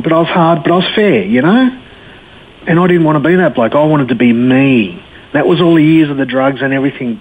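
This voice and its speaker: Over a tinny, faintly noisy phone line, a middle-aged man with an Australian accent shares his personal story on a radio interview. His mid-range voice has a breathy edge, and his manner is candid and colloquial, livening up whenever he recounts what people said.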